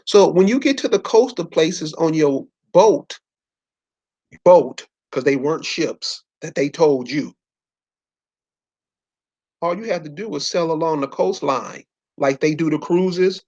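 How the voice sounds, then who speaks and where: A man's voice: fairly high pitch, expressive, measured pace, long pauses, a little mellow. A man giving an informal lecture from a map, speaking in loose slangy speech and firing rhetorical questions straight at his listeners.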